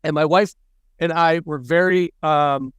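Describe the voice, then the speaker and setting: A man co-hosting a podcast, telling animated anecdotes about his family. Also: fairly high pitch, a little slow, smooth, no echo, studio quality. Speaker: podcast co-host, father. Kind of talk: casual podcast storytelling.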